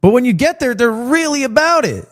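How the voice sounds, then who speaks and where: A young man streaming in casual chat tells stories in a brisk, very high voice, animatedly acting out mock quotes as he goes.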